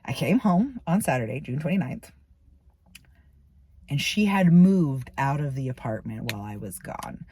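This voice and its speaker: A woman's voice: very deep voice, lively intonation, normal speed, a little mellow, breathy edge, no echo. A woman venting to camera, ranting in heated, profane bursts about a falling-out. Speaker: vlogger. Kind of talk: angry personal venting to camera.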